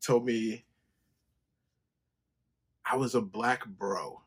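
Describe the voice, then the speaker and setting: A man hosting a podcast, telling a personal story in a casual, profane monologue and acting out quoted conversations in a higher voice. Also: fairly even intonation, drawn-out words, fairly bright tone, breathy edge. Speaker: podcast host.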